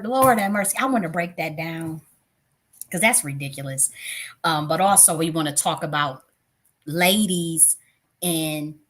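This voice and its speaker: A woman in her thirties hosting a tarot live stream, talking casually and bluntly with profanity, often getting worked up. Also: fairly low pitch. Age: 30s.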